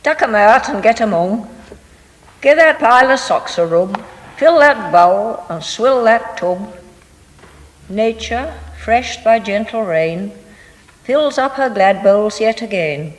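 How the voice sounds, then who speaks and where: A reader gives a slow, measured reading of a dialect poem, taking each line deliberately. The voice rings out in a large hall with a long, lingering reverb. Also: mid-range voice, expressive. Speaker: poetry reader. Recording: echoey hall.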